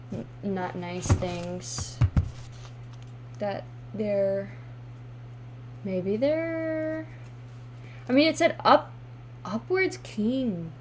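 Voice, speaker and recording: A woman's voice: medium pitch, a little hiss or hum. A woman doing a casual tarot card reading to camera, thinking aloud with sassy exclamations and casual swearing. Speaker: tarot reader.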